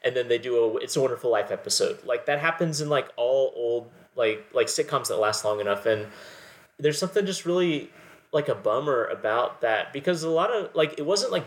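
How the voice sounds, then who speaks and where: A man co-hosting a podcast, analyzing films in a rambling casual way, peppering his talk with "like". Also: medium pitch. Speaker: podcast co-host. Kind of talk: casual film discussion.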